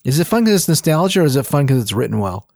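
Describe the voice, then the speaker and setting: Husky, lively man co-hosting a podcast. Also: a little high, dry recording, clean studio sound. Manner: halting and joking, steering the conversation. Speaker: podcast co-host. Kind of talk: casual podcast chat.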